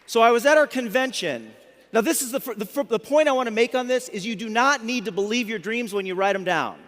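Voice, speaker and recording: A man in his fifties with a high voice, telling a story to a live audience as a motivational speaker. He talks in an animated way and often restarts his words. His voice rings with a long reverb from a large hall. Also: quick pace.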